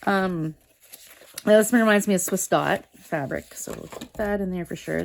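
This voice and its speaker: A woman's voice: mid-range voice, moderate pace, creaky. Rambling chatty woman sorting craft supplies. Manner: rambling, self-interrupting, talks to viewers. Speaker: art vlogger. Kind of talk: casual chatty studio vlog. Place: home art studio.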